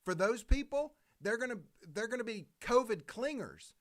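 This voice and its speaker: A man with a high, light voice co-hosts a political talk show. He talks in long rambling stretches, stumbling and restarting his sentences as he goes. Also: expressive, moderate pace, a bit bright. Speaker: co-host.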